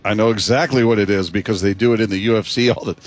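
An upbeat male radio host with a low voice hypes up his guest in a bright, friendly way. He moves quickly from introductions into questions. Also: fairly even intonation. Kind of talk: radio talk show chat.

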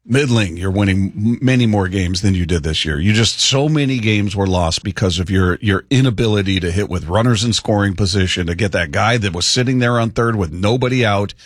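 A male sports radio host chatting about baseball in an animated way, often repeating words. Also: fairly low pitch, fairly quick, few pauses, no room sound, clean studio sound. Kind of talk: sports talk radio chat.

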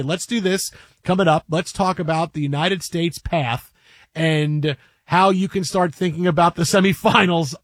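A man hosts a casual sports talk show, slightly high in pitch. He is chatty and steers the talk with playful mock grandness. The sound is dry and close. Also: no echo.

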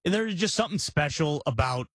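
A man's voice: on the high side, animated, normal speed, dry recording. A man co-hosting a sports podcast, agreeable and loose, often restarting his sentences. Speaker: podcast co-host. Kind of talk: casual sports talk.

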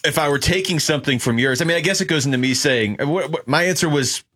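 A man's voice: on the high side, quick pace, fairly bright tone. A man co-hosting sports talk, answering with dry, wry remarks. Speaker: sports radio co-host.

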